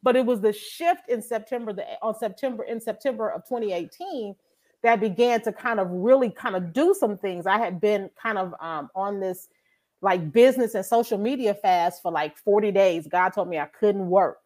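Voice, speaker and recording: A woman co-hosting a podcast, telling a faith testimony in a casual, animated way and acting out her own prayers as she goes. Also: medium pitch, moderate pace. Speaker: podcast co-host.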